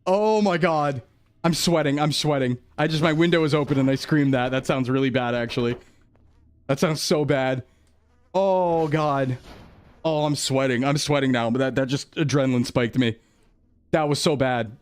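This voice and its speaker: A male streamer with an ordinary mid-range voice, a little mellow, chats casually as he plays, rambling to himself and his chat. He's jumpy and startles easily.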